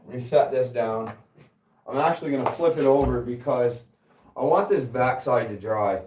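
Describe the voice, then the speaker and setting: A man's voice: medium pitch, animated, moderate pace, darkish tone. A man hosting a casual livestream while working in a garage workshop, rambling and joking and swearing freely. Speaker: livestream host.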